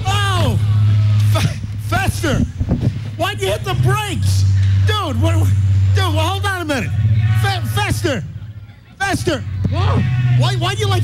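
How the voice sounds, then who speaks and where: A man hosting and calling a live stunt outdoors, shouting and laughing breathlessly as he talks. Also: very high-pitched, lively intonation, slow pace, long pauses, loud music behind the voice, a loud crowd, rough recording. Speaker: host. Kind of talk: excited live commentary.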